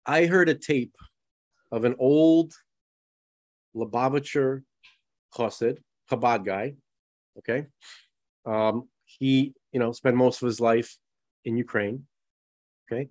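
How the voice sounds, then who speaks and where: A man in easy podcast talk, circling through restarts and fillers as he works out his point. his voice sits at an ordinary middle pitch for a man. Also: slow pace, long pauses, darkish tone. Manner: rambling, many restarts and "you know"s. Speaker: podcast co-host. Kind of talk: casual conversation.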